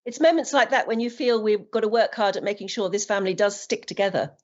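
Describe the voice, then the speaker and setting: A woman's voice: medium pitch, fast, a little hiss or hum. A woman from Britain who is a journalist, interviewing guests and prompting them with questions. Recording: dull lo-fi sound.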